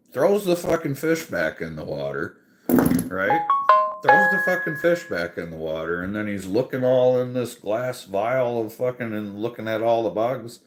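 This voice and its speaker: Man, casual podcast rant, profane, exasperated, slow delivery, swinging pitch. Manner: animated, laughs often. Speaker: podcast host.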